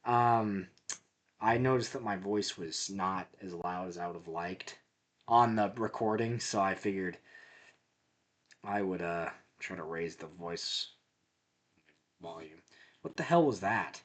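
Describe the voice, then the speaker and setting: A man giving casual, rambling commentary over his own gameplay, deliberately talking a bit louder than usual, with muttered asides. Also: sits low. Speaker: gameplay video host.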